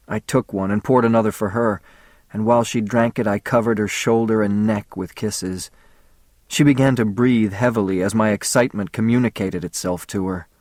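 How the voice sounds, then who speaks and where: A man narrating a story in the first person, in a measured, intimate audiobook reading. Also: lowish voice, a little mellow, no echo, studio quality.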